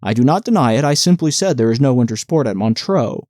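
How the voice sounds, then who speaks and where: A man's voice: medium pitch, expressive, quick pace, a little mellow, dry recording, clean studio sound, close to an everyday voice. A man voicing a courteous but unyielding male official. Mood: stubborn. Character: stubborn, polite male local official.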